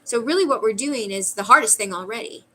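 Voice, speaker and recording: A middle-aged woman with a bright, slightly high voice talks through a channeled spiritual reading. She muses as she goes and fills her sentences with "like". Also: lively intonation, fast talker, rough recording. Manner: musing, frequent "like" fillers. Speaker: spiritual reader.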